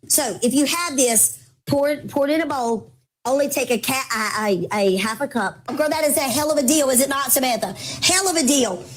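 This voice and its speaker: A high-voiced woman runs a laid-back live-stream sale, chatting with her viewers and calling them "baby girl" and "mama." All that talking is wearing her out, and her voice is turning hoarse as she loses it.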